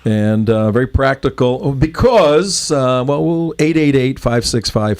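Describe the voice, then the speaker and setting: A middle-aged man hosting a political talk show, opinionated and halting, often restarting his sentences. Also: mid-range voice, animated, darkish tone.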